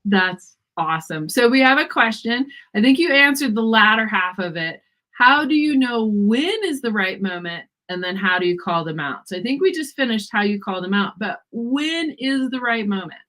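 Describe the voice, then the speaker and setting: A woman's voice: a little high, lively intonation, moderate pace, pushed and bright. A woman hosting an online summit, asking a guest direct, encouraging questions. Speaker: host. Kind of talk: interview questions.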